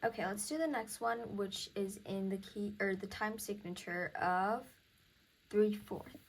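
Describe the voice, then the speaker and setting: Slow, relaxed young woman tutor. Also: mid-range voice. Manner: relaxed, thinking aloud, counting beats slowly. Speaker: music theory tutor. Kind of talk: casual recorded lesson.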